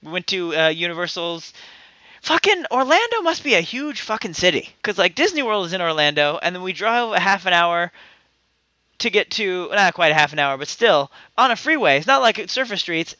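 Man, casual podcast host, high bright voice, rambling and profane. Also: big pitch swings, brisk, no room sound, dull audio.

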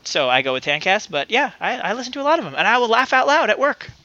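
A man's voice: high-pitched, big pitch swings, fast talker, bright, forceful tone, no echo, muffled recording. A man co-hosting a podcast in casual chat, rambling and laughing often. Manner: chatty, laughs often, trails off and restarts. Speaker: podcast co-host.

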